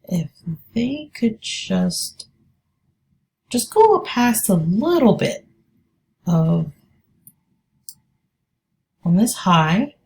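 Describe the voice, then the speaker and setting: A woman's voice: mid-range voice, sing-song, very slow, vocal fry, pauses often, darkish tone. A woman day trader giving live trading commentary, thinking aloud and hesitant as she talks.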